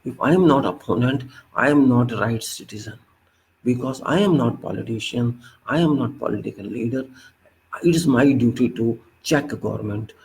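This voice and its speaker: A man's voice: medium pitch, normal speed, creaky, darkish tone, poor audio. A man with an Indian English accent giving an emphatic, lecturing political commentary monologue and repeating his points.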